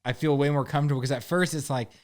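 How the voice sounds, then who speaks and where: A man's voice: fairly high pitch, steady tone, very fast. Laid-back young man chatting. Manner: laid-back, heavy on "like" and "bro", acts out quotes. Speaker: podcast guest. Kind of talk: casual chat.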